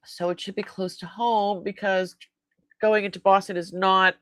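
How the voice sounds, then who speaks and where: A woman's voice: mid-range voice, level tone, moderate pace, no echo, clean studio sound. A woman hosting a live-sale stream, chatting casually and telling stories with frequent laughs and acted-out bits of dialogue. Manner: chatty storyteller, laughs often, acts out dialogue.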